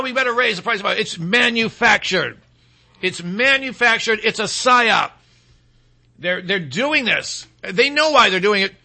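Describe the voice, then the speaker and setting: High, sharp-voiced rambling political host. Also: male voice. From Michigan. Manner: sarcastic, repetitive, emphatic. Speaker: political talk show host.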